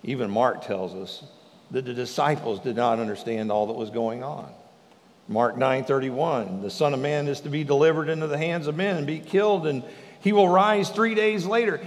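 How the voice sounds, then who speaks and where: A male pastor preaching a sermon in a lively way, acting out the lines of the scripture. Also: mid-range voice, moderate pace, in a large hall. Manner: animated preaching, acts out the speakers in the scripture.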